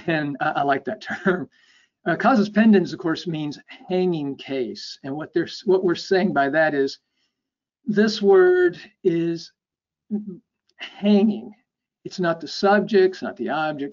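A man giving an academic lecture. He explains step by step, checks in with a frequent "okay?", and lets his phrase ends drop off softly. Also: on the high side. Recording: dull lo-fi lecture recording.

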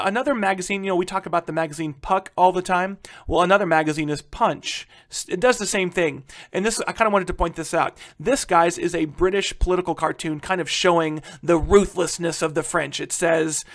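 A man teaching a history lesson, energetic and conversational, often calling his students "guys" and checking in with "all right?". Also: on the high side, creaky. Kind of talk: recorded classroom lecture.

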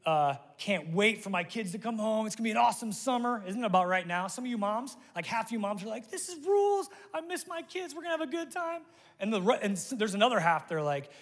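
A middle-aged man preaching a sermon as pastor, energetic and jokey, talking straight to his congregation. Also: a little high. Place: large church hall. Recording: long reverb of a large hall.

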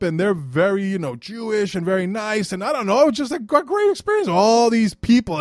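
A man's voice: sits high, no echo, studio quality. A man from Brooklyn with a Brooklyn New York accent, hosting his podcast in a casual, rambling monologue that swears freely and keeps trailing off. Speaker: podcast host.

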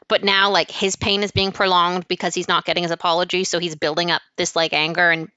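A woman co-hosting a podcast in casual chat, animated and laughing often, saying "like" a lot. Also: on the low side, fast, no echo, muffled recording. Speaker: podcast co-host.

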